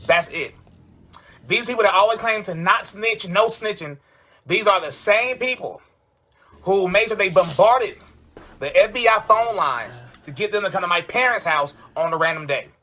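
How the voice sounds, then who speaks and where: A man on a livestream, indignantly complaining, pausing to thank donors. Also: sits high, animated, sharp tone. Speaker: rapper speaking on a livestream. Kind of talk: aggrieved livestream talk.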